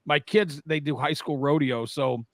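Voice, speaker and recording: A middle-aged man from New Jersey with a fairly high voice, chatting casually on the radio. He tells long rambling stories, breaking off and restarting, recorded close and dry. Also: fairly even intonation, normal speed, creaky, no room sound. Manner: rambling storyteller, self-interrupting.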